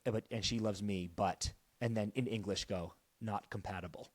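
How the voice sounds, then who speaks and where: A man co-hosting a podcast, excitedly recapping TV scenes in casual chat and often dropping his voice to quote characters. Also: moderate pace, dry recording. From Canada. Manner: excitable, quotes dialogue in lowered voice, says dude. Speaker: podcast co-host.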